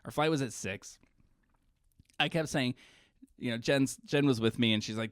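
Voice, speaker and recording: A man on a podcast telling a story with lots of comic asides, worn out and short on sleep. His voice sits at an ordinary middle pitch, heard close and dry with no room around it. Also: moderate pace, long pauses, clean tone, no echo. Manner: animated storyteller, jokey, acts out voices. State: exhausted. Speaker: podcast co-host. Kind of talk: casual chat.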